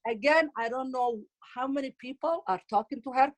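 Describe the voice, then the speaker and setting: A middle-aged woman with a Somali accent, whose first language is Somali, tells comic stories about her family. Her voice sits fairly high, and she talks in a lively, teasing way with frequent exclamations. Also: moderate pace. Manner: animated, teasing, exclaims often. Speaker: comedic speaker at a community event. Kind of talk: comic storytelling.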